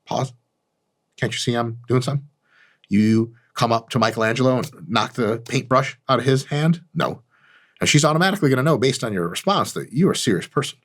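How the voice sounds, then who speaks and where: A man hosts a comedic advice monologue with a husky voice. He swaggers through it, mock-arrogant and full of profanity. His pitch swings in lively, animated leaps. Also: a little fast. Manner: lively, animated delivery with big pitch jumps. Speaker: channel host.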